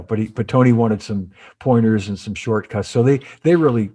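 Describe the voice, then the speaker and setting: Middle-aged guy, kinda low husky voice, rambles through stories w lots of restarts. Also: moderate pace, mellow. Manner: rambling, many restarts and asides. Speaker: interview guest, former cymbal company artist relations. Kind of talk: casual interview storytelling.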